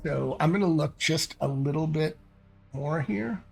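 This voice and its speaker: A man narrating a solo tabletop adventure as he thinks aloud, halting and hesitant. His voice is gravelly and husky, a bit high, and unhurried. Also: faint music behind. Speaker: solo game master and player.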